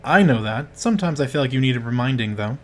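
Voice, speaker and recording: A man's voice: mid-range voice, lively intonation, fast, slight background noise, close to an everyday voice. A man voicing a sly noblewoman sister who needles her brother in a dry, wry way, in a tabletop role-play. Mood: teasing. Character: sly teasing noblewoman sister, female adult.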